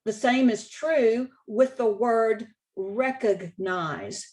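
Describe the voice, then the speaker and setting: A woman with a Texan accent giving a conference talk on spelling contests, walking through slides in a measured, instructive way. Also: on the high side, lively intonation. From Texas. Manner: measured, instructive, reads example quotes aloud. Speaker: state contest director.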